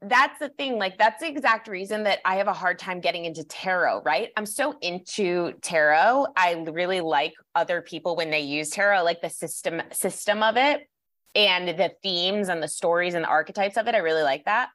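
Chatty podcast host lady, fairly low voice, excited and rambly. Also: normal speed. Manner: chatty, enthusiastic, many fillers. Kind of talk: casual podcast chat.

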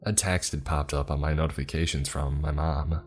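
Very deep-voiced man telling a story. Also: fairly even intonation, normal speed, hardly any pauses, faint music behind. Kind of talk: scripted first-person story narration.

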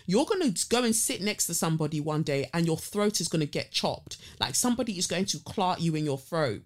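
A young woman, telling a story as a blunt, animated and sweary rant. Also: lowish voice. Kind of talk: ranting storytelling.

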